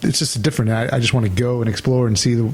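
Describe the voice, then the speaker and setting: Gravelly, laughing man in casual chat. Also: medium pitch, steady tone, very fast, a little mellow. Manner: laughs often, rambling and self-correcting. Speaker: podcast co-host.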